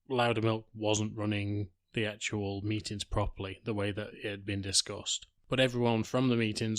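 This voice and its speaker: Male podcast host, low and even, dry mic, casual blunt retelling. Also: dry recording. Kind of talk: TV recap podcast.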